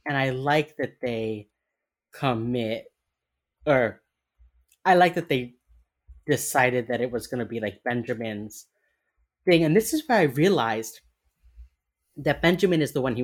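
A woman with a strikingly low voice talks through a TV episode in relaxed podcast chat. She keeps slipping into the characters' lines as she retells scenes. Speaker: podcast co-host recapping a TV episode. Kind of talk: casual chat.

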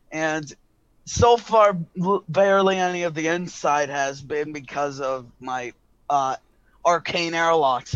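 A man voicing a worried male inventor who explains his sinking base in a rushed way in a tabletop game. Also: on the high side, a bit bright, dry recording, voice pushed up. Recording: dull lo-fi, dry.

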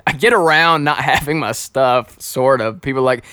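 A man co-hosting a podcast, telling an animated story in casual chat, laughing often and acting out quoted dialogue. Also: mid-range voice, moderate pace, no echo, studio quality. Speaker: podcast co-host.

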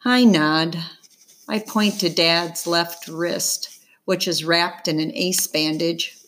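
A woman narrating a children's novel in the first person, calm and measured. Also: lowish voice, slight background noise. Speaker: audiobook narrator.

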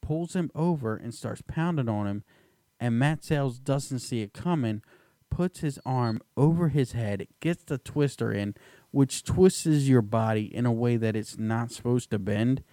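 A man co-hosting a podcast, talking excitedly about a fight, swearing and laughing often. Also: medium pitch, measured pace, no room sound. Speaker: podcast co-host. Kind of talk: casual chat.

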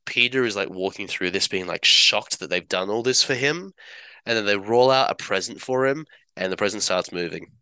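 Lively man recapping, crisp dry voice. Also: on the low side, normal speed, dry recording. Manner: enthusiastic, rambling, acts out quoted lines. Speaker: show reviewer. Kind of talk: casual recap chat.

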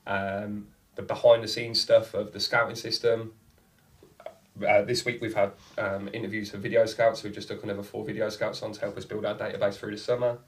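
A man on a football podcast, swearing freely and telling a lively story in casual chat. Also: on the low side, brisk, far from the mic. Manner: swears a lot, animated anecdotes. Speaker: podcast co-host.

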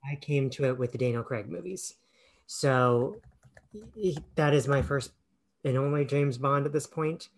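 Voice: medium pitch, unhurried. A podcast co-host chatting casually about a film, hesitant and full of fillers. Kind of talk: casual film review chat.

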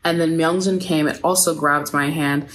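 A woman with a notably low voice reads a personal statement aloud in a measured, steady way. A faint hiss sits under the recording. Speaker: narrator of a personal account. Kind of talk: read first-person statement.

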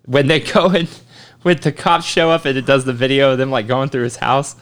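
A man's voice: medium pitch, steady tone, a little fast, fairly bright tone, smooth. Male co-host, casual chat; dry teasing delivery, mid-range voice. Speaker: podcast co-host.

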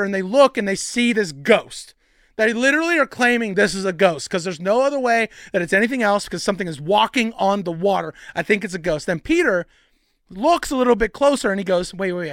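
A young man preaching a sermon in a casual, energetic way, with slangy asides and passages that build up to shouting. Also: sits high, brisk, no room sound, clean studio sound.

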